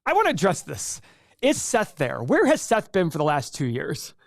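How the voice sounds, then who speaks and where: A man's voice: fairly high pitch, wildly swooping pitch, normal speed, vocal fry, dry recording, clean studio sound. A man hosting a casual live stream and answering viewer questions in a chatty, rambling way with frequent restarts. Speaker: livestream host.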